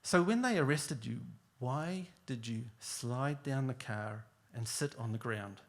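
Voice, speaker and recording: A man voicing a deliberate defence lawyer questioning witnesses in court. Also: mid-range voice, expressive. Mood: measured. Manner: measured, questioning, repetitive.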